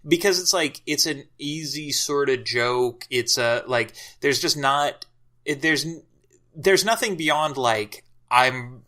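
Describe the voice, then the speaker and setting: Man, podcast guest, reflective, halting delivery, bright clear tone. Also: fairly high pitch. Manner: hesitant, lots of filler words, reflective. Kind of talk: casual discussion.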